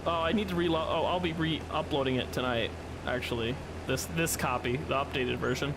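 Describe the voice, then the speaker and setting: A man's voice: medium pitch, steady tone, fairly quick, noisy background. A young man streaming a game, chatting casually with viewers in a rambling, chuckling way, and sleepy at times. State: sleepy, yawning. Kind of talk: casual livestream commentary.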